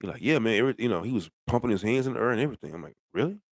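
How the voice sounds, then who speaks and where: A man's voice: fairly low pitch, lively intonation, rapid-fire, dry recording. Blunt rambling man ranting about football. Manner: blunt, rambling, trash-talking with rhetorical questions. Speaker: sports commentator. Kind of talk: casual sports rant.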